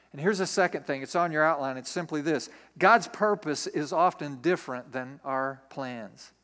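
A man preaching a sermon, animated, acting out little scenes and repeating key lines for emphasis. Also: a little high. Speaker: pastor.

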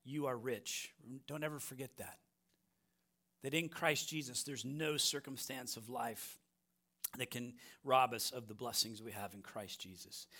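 A middle-aged American pastor preaches a sermon in a high, pushed, bright voice. He's emphatic, repeats phrases, and asks "right?" often.

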